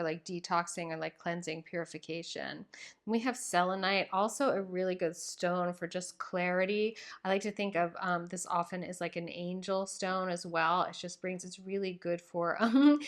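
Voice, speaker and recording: A young woman hosting a casual tarot reading to camera, gushing and affectionate, with many ums and likes, recorded at home. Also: lowish voice. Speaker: tarot reader and channel host.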